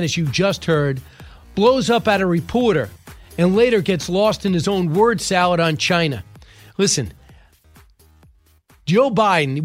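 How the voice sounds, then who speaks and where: A man hosting a show, delivering opinionated commentary with emphatic rhetorical questions. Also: high voice.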